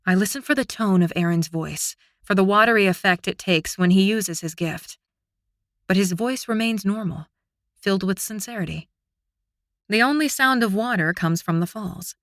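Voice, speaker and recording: Female audiobook narrator, expressive and close-miked, dry sound. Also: mid-range voice, normal speed, dry recording. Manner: expressive, intimate storytelling. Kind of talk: first-person fantasy audiobook narration.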